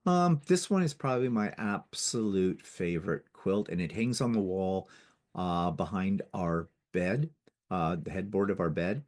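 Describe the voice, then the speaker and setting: Low-voiced chatty man. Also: lively intonation, measured pace, darkish tone. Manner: chatty, rambling, restarts sentences often. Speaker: quilter giving a guild presentation. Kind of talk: casual slideshow talk. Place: living in Ontario, Canada.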